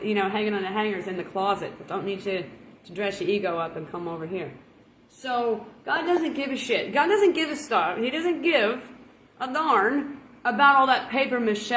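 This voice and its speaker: A woman from Oklahoma preaches in a loose, folksy ramble, chuckling at her own jokes. Her voice sits a little high. The sound carries a roomy echo with a faint ambient hum underneath. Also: fairly bright tone. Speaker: online preacher. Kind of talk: casual folksy sermon.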